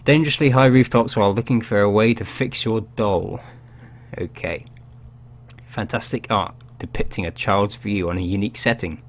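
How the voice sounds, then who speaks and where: A man's voice: on the low side, moderate pace. A man casually commenting while playing video games, joking and rambling with self-mocking asides. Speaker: let's play host.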